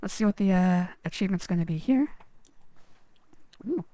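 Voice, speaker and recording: A woman's voice: medium pitch, lively intonation, moderate pace, mellow, dry recording, low-quality recording. A woman streamer chatting casually and rambling over gameplay, self-deprecating. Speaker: game streamer.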